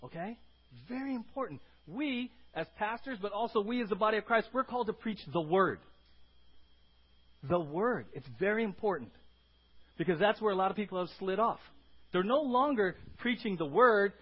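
Male pastor, high husky voice, lively preaching to a congregation. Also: normal speed, muffled recording. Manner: animated preaching, asks the congregation questions. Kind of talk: sermon. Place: church sanctuary.

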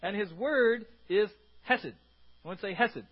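Animated high-voiced man preaching a sermon. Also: measured pace, muffled recording. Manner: animated, conversational, repeats words and asks the congregation "right?". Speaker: pastor.

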